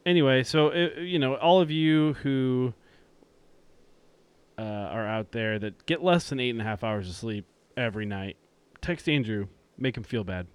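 A man's voice: medium pitch, moderate pace, clean tone. A young man hosting a casual podcast, chatting in a laid-back way and laughing often. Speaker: podcast host. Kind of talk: casual podcast chat and read ad.

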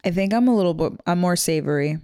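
A woman's voice: fairly low pitch, lively intonation, quick pace, mellow, clean tone, no echo. A woman co-hosting a comedy podcast, chatty and self-mocking, close to the mic. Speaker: podcast co-host. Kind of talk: casual comedy chat.

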